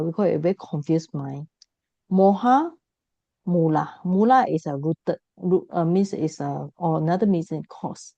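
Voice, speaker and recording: A woman's voice: low voice, mellow, no room sound, muffled recording. A woman teaching a Buddhist class, explaining patiently, repeating key points and correcting herself.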